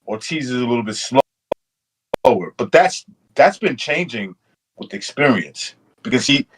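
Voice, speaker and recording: A man co-hosts a casual podcast and chimes in with relaxed, agreeable remarks. His voice sits at an ordinary pitch for a man, and his phrasing is loose and easygoing. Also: a little slow, slightly rough. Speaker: podcast co-host.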